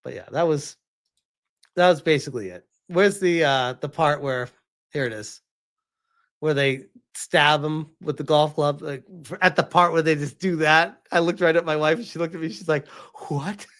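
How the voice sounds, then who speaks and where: A man giving a casual, animated vlog review, rambling and laughing often. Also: a little high, moderate pace. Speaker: video reviewer.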